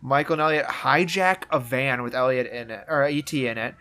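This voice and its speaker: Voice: medium pitch, fairly quick, sharp tone. A podcast co-host chatting casually about a film scene by scene, jokey and swearing now and then. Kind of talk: casual movie-rewatch chat.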